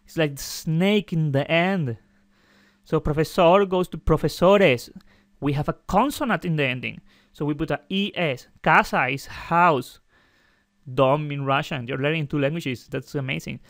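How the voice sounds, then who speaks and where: A man teaching a Spanish grammar lesson in halting, non-native English, patiently repeating his examples and correcting himself as he goes. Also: fairly high pitch, no echo, clean studio sound.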